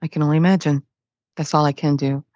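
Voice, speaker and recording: A woman from Detroit, a podcast guest, retelling a painful personal story in a halting way, repeating her phrases. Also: low-pitched, steady tone, a little mellow, dry recording, lo-fi sound. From Detroit, USA.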